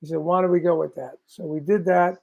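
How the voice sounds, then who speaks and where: An older man co-hosting a casual chat, telling an anecdote in a relaxed, unhurried way. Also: on the high side, creaky, muffled recording.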